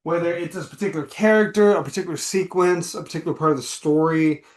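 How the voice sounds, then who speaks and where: Animated, swearing podcast co-host, roomy sound. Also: male voice, on the high side, fast talker. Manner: animated, profane, rambling. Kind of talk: casual movie review chat.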